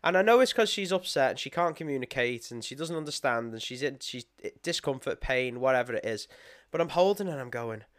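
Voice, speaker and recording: A man's voice: mid-range voice, expressive, fairly quick. A young British man co-hosting a podcast, telling stories in casual chat, swearing freely, laughing often and acting out his own thoughts. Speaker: podcast co-host.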